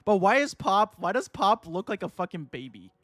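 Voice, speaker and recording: A young adult man streams a game in casual, excitable commentary, swearing and laughing often. His voice sits high. The sound is dry and close, with faint music in the background. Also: moderate pace, no room sound.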